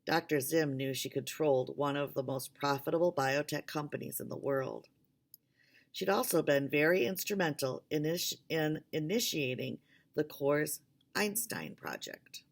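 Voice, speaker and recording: Low-voiced woman reading a novel aloud. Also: lively intonation, normal speed, vocal fry. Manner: unpolished, with restarts and asides. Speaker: audiobook reader.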